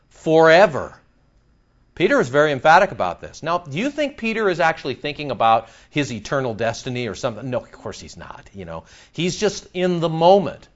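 A man preaching an expository sermon in a conversational, animated way, joking with the congregation. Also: on the high side, muffled recording. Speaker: pastor.

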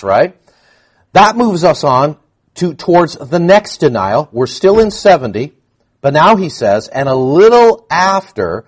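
A man preaching in a lively, conversational way, his voice rising and falling a lot as he teaches. He keeps turning to the congregation with asides and questions. His voice sits a little above the usual for a man. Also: high voice. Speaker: pastor. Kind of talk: sermon.

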